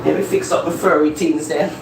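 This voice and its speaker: Live-streamer, animated home chat on a phone, roomy echo. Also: medium pitch, moderate pace, background noise. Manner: animated, laughing, teasing rants and storytelling. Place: home living room. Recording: echoey room with faint ambience.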